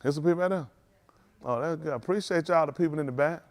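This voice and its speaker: A man pastor who jokes and banters with his livestream viewers by name, then teaches in an earnest, halting way. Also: a little high. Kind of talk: livestream greeting and sermon.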